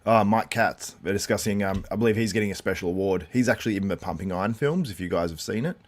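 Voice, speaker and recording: A man's voice: lowish voice, quick pace. A man hosting a live watchalong stream, chatting loosely and reacting to viewer comments as he talks things through. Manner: loose and rambling with frequent fillers. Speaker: host.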